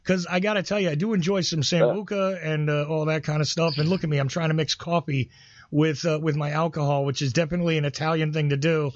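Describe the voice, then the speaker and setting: A man's voice: fairly high pitch, fairly even intonation, fast talker, no echo. A man with a Northeastern US accent, co-hosting a call-in show in a rambling, jokey way with lots of fillers, on muffled lo-fi audio. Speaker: regular co-host. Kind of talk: casual call-in banter.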